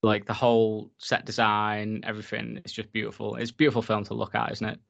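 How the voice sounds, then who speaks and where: A man's voice: fairly low pitch, monotone, brisk, vocal fry, fairly bright tone, dull audio. A man co-hosting a podcast in casual chat. He swears often and fills his talk with "like.". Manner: chatty, swears often, filler-heavy. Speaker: podcast co-host reviewing a film.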